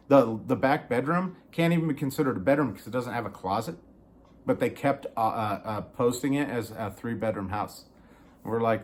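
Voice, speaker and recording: A man's voice: medium pitch, animated, moderate pace. A man in a small studio apartment, telling a story in a heated, casual rant. He swears often and acts out what other people said. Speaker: vlogger.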